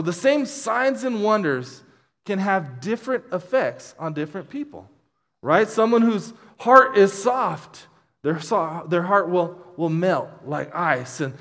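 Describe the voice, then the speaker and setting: High-voiced man preaching in a reverberant hall. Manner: animated preaching with many restarts and asides. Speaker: pastor. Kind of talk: sermon.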